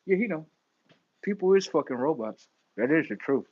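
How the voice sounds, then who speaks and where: A young man, hosting a casual livestream monologue, animated and full of slang, swinging between loud bursts and mumbles. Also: a little high, normal speed, no echo, phone-quality sound. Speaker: livestream host.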